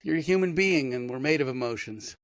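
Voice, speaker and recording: A man's voice: medium pitch, lively intonation, a little fast, no echo. Male interview host, supportive, reflective, dry close sound, video call. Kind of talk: conversational interview.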